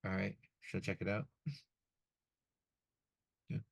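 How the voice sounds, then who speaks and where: Casting: low-pitched male game master, relaxed delivery, dry close sound. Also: slow pace, vocal fry, breathy edge, no echo. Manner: relaxed, many fillers. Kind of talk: narrating a tabletop game.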